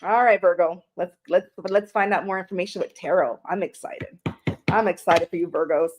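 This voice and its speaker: A woman's voice: on the low side, fairly quick, noisy background. A middle-aged woman giving a chatty live-stream tarot reading, greeting viewers by name and swearing casually. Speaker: tarot reader.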